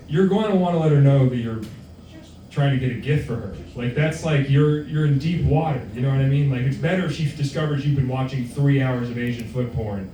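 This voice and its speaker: A man's voice: medium pitch, mellow, far from the mic. A young man performing a stand-up set, offhand and self-deprecating, with lots of swearing. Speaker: stand-up comic. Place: comedy club. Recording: roomy club sound from afar, room noise.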